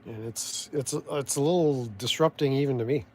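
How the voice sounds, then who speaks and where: A Canadian-accented vlogger with a medium-pitched, slightly mellow voice offers rambling, sardonic casual commentary at a moderate pace. He meanders, restarts often, and lets thoughts trail off as he loses his thread, with slight background noise.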